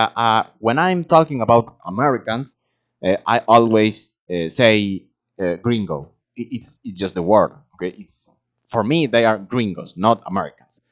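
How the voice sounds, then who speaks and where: Slow, halting man. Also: medium pitch. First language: Spanish. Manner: halting, searching for words, many fillers. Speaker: language learner vlogger. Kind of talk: casual solo monologue. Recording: dull lo-fi home recording.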